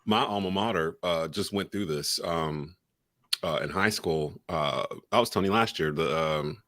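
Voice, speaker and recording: A man's voice: low-pitched, normal speed, no room sound, studio quality. A man from North Carolina co-hosting a sports podcast, talking casually with plenty of "uh" and "like". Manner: relaxed, fillers like "uh" and "like". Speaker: podcast co-host, local sports broadcaster.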